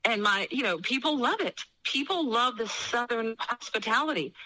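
Bright-voiced opinionated woman. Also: a little high, lively intonation, normal speed, rough recording. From New York. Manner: emphatic and opinionated. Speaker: guest. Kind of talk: political talk show chat.

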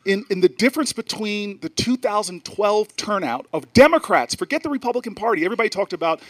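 A high-pitched, fast-talking senator from New Jersey gives an animated public talk to an audience. He tells stories, often restarting and going off on asides.

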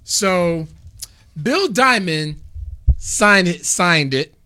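Guy chatting, bright voice, animated, laughs a lot and does the quotes. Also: high voice, extremely slow, clear, resonant tone. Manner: animated storyteller, laughs often, acts out quotes. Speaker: podcast guest recounting a convention. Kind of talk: casual chat.

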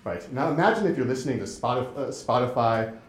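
A man giving a lecture and running an interactive game demo, talking in a halting way with many restarts. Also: mid-range voice, expressive, echoey room. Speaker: presenter.

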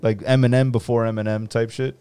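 A man's voice: mid-range voice, flat delivery, fairly quick, dark tone, smooth, no echo. A man telling a story in casual talk over drinks, emphatic and profane, repeating himself. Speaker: rapper and podcast co-host.

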